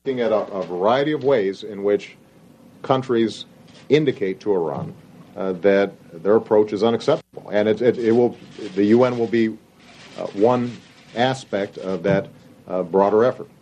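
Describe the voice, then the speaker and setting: A male politician gives halting public remarks and pauses often with fillers. His voice sits low and sounds mellow. It is heard as a dull, lo-fi clip with faint background noise. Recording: dull lo-fi archive clip played on air.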